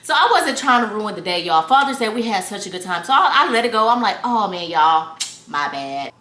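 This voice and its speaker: A woman's voice: a little high, quick pace, slight background noise. A young woman vlogging in casual chat, telling stories and talking straight to her viewers. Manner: animated storyteller, talks straight to viewers. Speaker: lifestyle vlogger. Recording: echoey room.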